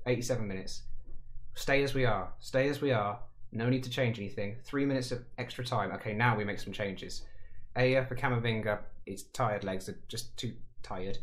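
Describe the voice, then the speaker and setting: A man giving casual, excitable commentary over a football management game, talking to himself and panicking aloud. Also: mid-range voice. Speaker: gaming YouTuber.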